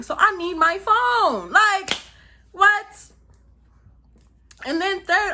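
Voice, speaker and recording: A young woman from Brooklyn with a New York accent, telling a story in a lively, slangy, casual vlog style. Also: high voice. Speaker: vlogger.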